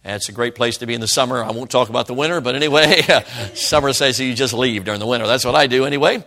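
A man's voice: medium pitch, fast talker, pushed and bright. A middle-aged man from Chicago, a traveling evangelist preaching a sermon to a congregation in a folksy, chatty way that draws the listeners in. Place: church service.

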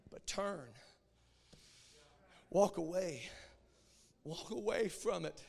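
A man preaching a sermon, moving from hushed storytelling to shouted, emphatic repetition. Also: high voice, very slow, gravelly, long pauses, long reverb tail.

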